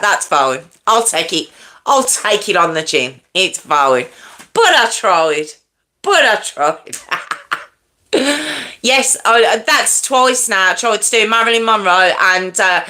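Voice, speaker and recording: A woman's voice: medium pitch, bright, forceful tone. A woman hosting a live stream, chatting casually and self-mockingly with her viewers and laughing often, from home. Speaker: livestream host. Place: at home with a fan nearby.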